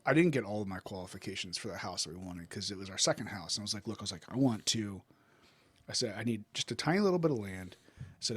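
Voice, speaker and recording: A man's voice: fairly low pitch, slightly rough, no echo. A man hosting a podcast in casual chat, easygoing and joking along. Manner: easygoing, jokes and laughs along. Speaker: podcast host.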